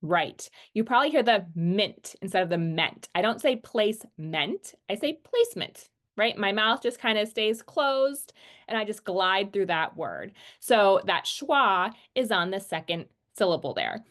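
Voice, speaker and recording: A woman teaching a phonics lesson in a patient, clear way. She slows down to act out each sound and checks in with her listeners. Her voice sits at an ordinary middle pitch. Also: big pitch swings, fairly bright tone. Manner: patient, explains slowly and models sounds.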